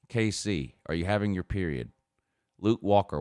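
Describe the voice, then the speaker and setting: A man's voice: sits low, fairly quick, dry recording, studio quality. A man hosting a casual show, reading viewer comments aloud in a mocking tone and often laughing. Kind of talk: casual chat.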